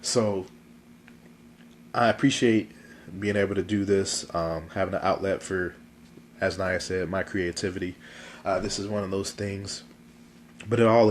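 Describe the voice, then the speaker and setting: A man's voice: on the low side, slight background noise. A man hosting his own video talk show, chatting casually and goofily with a stuffy, congested throat and lots of fillers, recorded on a phone. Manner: chatty, goofy, rambling with fillers. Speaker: vlog host.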